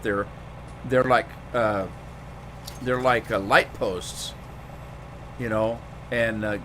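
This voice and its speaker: A man's voice: lowish voice, a bit bright, a little hiss or hum. A man casually chatting with his live stream viewers while playing a farming game, rambling with lots of fillers and asides to chat. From Pacific Northwest of the United States.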